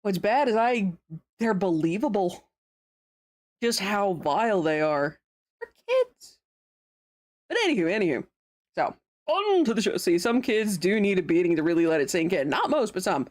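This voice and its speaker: A woman's voice: medium pitch, big pitch swings, moderate pace, long pauses, darkish tone. A young woman streaming a game, chatting casually and laughing often as she comments on the story. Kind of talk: casual let's-play commentary.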